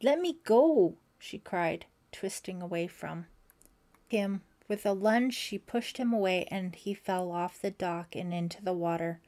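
A woman narrating an audiobook in a steady, expressive reading. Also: fairly low pitch, unhurried. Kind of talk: scripted narration.

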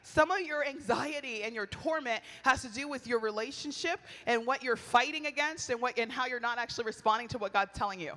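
Animated woman preaching in a reverberant hall. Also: on the high side, a little fast, hardly any pauses. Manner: animated, chatty, laughs often, acts out quoted lines. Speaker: women's retreat speaker. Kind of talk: storytelling sermon.

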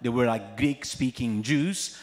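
A man preaching an Easter sermon as pastor, telling the story in an animated way and playing out the voices of the people in it. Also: mid-range voice, measured pace, long reverb tail. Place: church hall.

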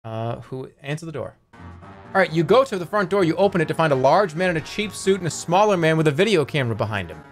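A man's voice: a little high, big pitch swings, fast, soft background music. A man streaming a text game, reading its lines aloud with wry, joking asides and free swearing.

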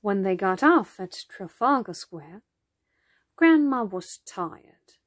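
A woman reading a children's picture book aloud in a gentle, expressive storytelling manner. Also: mid-range voice, slow pace, dry recording, clean studio sound. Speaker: storybook reader.

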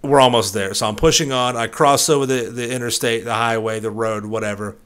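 A man's voice: mid-range voice, fairly even intonation, fairly quick, fairly bright tone, clear, resonant tone. A young man giving playful gameplay commentary, hamming up a mock-dramatic story with streetwise slang. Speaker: gaming YouTuber.

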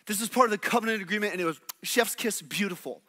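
A male pastor preaching a sermon in an animated, playful way, acting out characters from the story. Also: sits high, quick pace.

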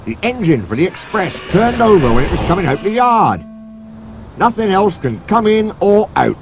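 A man voicing an excited male train driver bringing news in a storybook reading. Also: high-pitched, music in the background, voice pushed up. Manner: eager, brisk.

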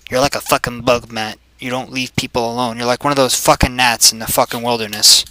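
A man in his twenties giving crude, profane commentary over his gameplay, yelling greetings at other players. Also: medium pitch, fairly quick, dry recording. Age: 20s.

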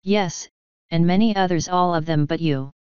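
A proud young woman who is cool and dismissive when she talks, as a woman reads her lines. The voice sits a little low and sounds very smooth. The recording is dull and dry, as if the highs were cut off. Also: moderate pace, no room sound, close to an everyday voice.

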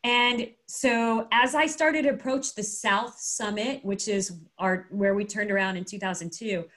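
A woman speaking as an interview guest, telling a story in a casual, animated way, acting out quotes and using lots of fillers. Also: medium pitch, unhurried.

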